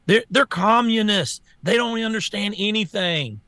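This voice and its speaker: A man's voice: high voice, animated, moderate pace, few pauses, sharp tone, no room sound. A man co-hosting a political talk show, ranting bluntly and heatedly, repeating himself and laughing between jabs. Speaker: co-host.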